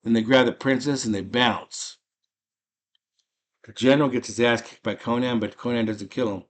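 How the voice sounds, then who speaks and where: A man's voice: medium pitch, steady tone, moderate pace. A man casually recapping a movie in slangy, enthusiastic storytelling. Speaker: movie channel host.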